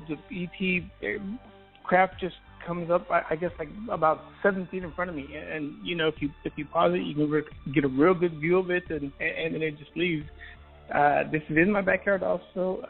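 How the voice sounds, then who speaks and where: A man calling in to a radio show, hesitant and halting, full of fillers and restarts. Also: on the high side, creaky. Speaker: caller. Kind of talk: call-in radio talk. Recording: tinny phone line with faint music.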